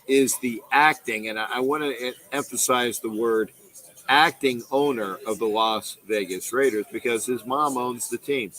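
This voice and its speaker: A middle-aged man hosts a casual fan call-in livestream in a medium-pitched, slightly bright voice, and the audio quality is poor. He rambles, repeats lines, and reads viewer comments aloud.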